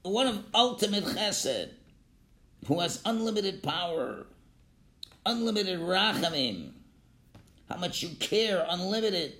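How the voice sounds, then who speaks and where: A man giving a Torah class lecture, animated, calling out his examples loudly. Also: sits high, slow pace, pauses often, slight background noise. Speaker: Torah teacher. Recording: echoey room.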